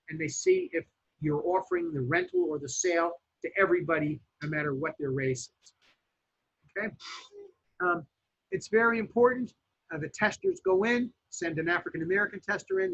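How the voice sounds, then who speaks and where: A real estate instructor, lecturing a class in an emphatic, lively way with fillers and restarts. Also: male voice, sits high, vocal fry, slightly rough. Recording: dull lo-fi classroom recording.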